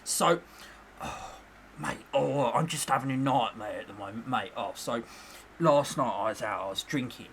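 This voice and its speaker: A man's voice: medium pitch, moderate pace, fairly bright tone, a little hiss or hum, voice pushed down, natural voice. A man impersonating his swaggering, chummy London boss, who rambles and keeps calling people "mate". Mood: rambling.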